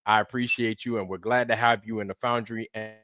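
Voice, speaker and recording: A man's voice: fairly low pitch, flat delivery, fairly quick, sharp tone. Laid-back man greeting stream viewers. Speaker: livestream host. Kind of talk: casual livestream chat greeting viewers.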